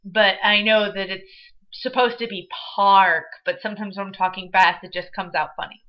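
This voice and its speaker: A young woman with a Midwestern American accent talks through a vlog in a chatty, bubbly way, dropping fillers as she goes. Her voice sits at a middling pitch for a woman. The audio is dull and lo-fi, like a webcam mic. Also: steady tone, brisk. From Michigan, USA. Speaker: vlogger. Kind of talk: casual vlog chat.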